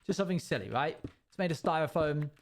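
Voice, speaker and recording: Young man, streamer, slightly higher voice, casual rambling story, close mic. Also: fast. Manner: rambling, animated, sound-effect noises. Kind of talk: casual storytelling while gaming.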